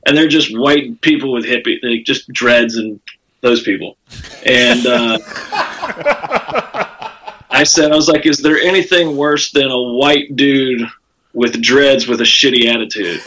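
A comedian on a podcast tells a rowdy story from his stand-up gigs, swearing freely in a bright, forceful, mid-range voice. He's animated and unhurried, pausing often and filling a loose, chatty rhythm with fillers, and he jumps into other people's lines, raising his voice louder to act out quotes. The audio is poor.

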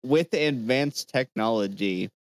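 A man's voice: mid-range voice, takes it slowly, no echo. Joking podcast guy, dry close sound. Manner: joking, swears freely. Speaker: podcast co-host. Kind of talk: casual banter.

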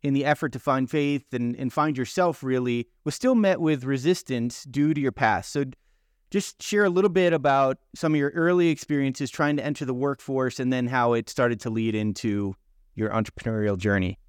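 Smooth-voiced male interviewer. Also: mid-range voice, moderate pace, no room sound, studio quality. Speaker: podcast host. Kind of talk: interview questions.

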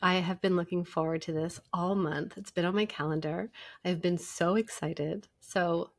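A middle-aged woman psychologist, a podcast guest, telling stories in a warm conversational way and acting out bits of dialogue. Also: on the low side, normal speed, creaky, no room sound. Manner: animated storyteller, acts out dialogue.

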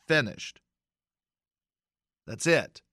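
A man's voice: mid-range voice, big pitch swings, extremely slow, sharp tone, husky, dry recording, clean studio sound. A man hosting a casual sports talk show, sarcastic and mocking, tossing off joke rhymes. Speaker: podcast host.

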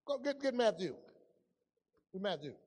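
A high-pitched male pastor preaches in a relaxed, storytelling way, shifting from loud bursts to near murmurs. His voice rings out in a big room with a long echo trailing behind it. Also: normal speed, breathy edge. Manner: conversational preaching, swings between loud and hushed. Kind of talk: sermon.

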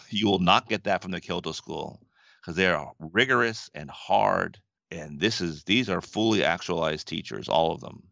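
A low, gravelly man from the western US speaks earnestly, like a teacher in conversation, often drifting into storytelling. The sound is dry and a little dull. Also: no echo. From western United States. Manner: storytelling, earnest, laughs softly. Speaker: Buddhist teacher and guest.

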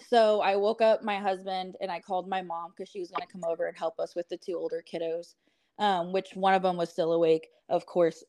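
A woman's voice: medium pitch, a little mellow, dry recording. A woman guest on a podcast, casually telling a story in a chatty way with lots of fillers. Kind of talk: casual chat.

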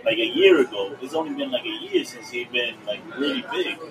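Profane male co-host, lively pitch, distant room sound. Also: brisk, crowd noise. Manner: slangy, profane, storytelling. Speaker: podcast co-host. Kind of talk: casual interview chat. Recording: distant mic with room noise.

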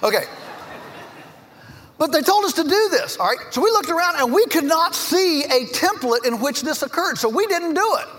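A middle-aged farmer from Virginia giving a lively conference speech, an animated storyteller who slips in jokey asides. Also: male voice, very high voice, normal speed, a little hiss or hum. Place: large conference hall. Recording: echoey hall with long reverb.

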